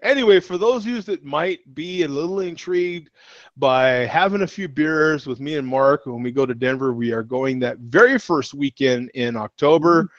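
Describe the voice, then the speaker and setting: A man's voice: on the high side, moderate pace, no room sound, muffled recording. A man hosting a live beer talk show in casual chat. He rambles, with many fillers and restarts, and laughs often.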